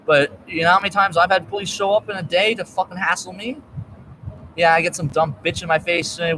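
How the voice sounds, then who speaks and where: A man in a rambling, profane monologue that jumps between topics, swinging from low muttering to loud outbursts. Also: brisk, background noise.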